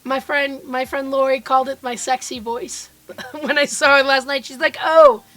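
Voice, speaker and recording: A woman with a hoarse, froggy voice from being sick, chatting casually and cheerfully with viewers from her home basement studio. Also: high-pitched, fairly bright tone. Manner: chatty and upbeat, greeting viewers by name. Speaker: quilt designer and live streamer. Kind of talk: casual live-stream chat.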